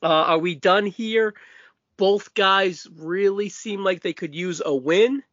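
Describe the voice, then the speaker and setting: A man with a Massachusetts accent hosting a podcast, his voice riding high for a guy. He talks brash and a little profane, tossing in quick asides. The sound is dull and lo-fi, close and dry. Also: fairly bright tone, no room sound. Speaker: podcast host. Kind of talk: casual wrestling podcast chat.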